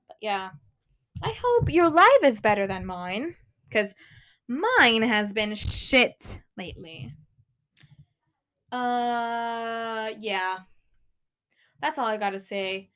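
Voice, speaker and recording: A woman's voice: on the high side, expressive, takes it slowly, long pauses, a bit bright. A teenage girl hosting her own podcast from a small bedroom, chatting casually, swearing often and breaking into sudden exclamations of frustration. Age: teens. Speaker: podcast host. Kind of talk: casual solo podcast chat.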